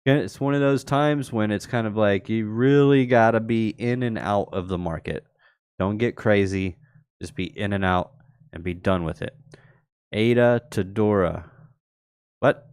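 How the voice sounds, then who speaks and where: On his live crypto show, a man goes over charts in an unhurried way and responds to viewers in the chat. His fairly low, darkish voice has a clear, resonant tone, and the studio-quality recording has no room sound.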